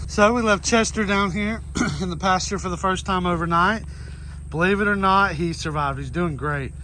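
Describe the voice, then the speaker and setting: A man's voice: sits high, moderate pace, bright, forceful tone. A young man who chats casually about his farm animals and coos at his dogs. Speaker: farm vlogger. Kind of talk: casual vlog narration. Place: outdoors on a farm. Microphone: wireless clip-on mic. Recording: outdoor farm noise behind.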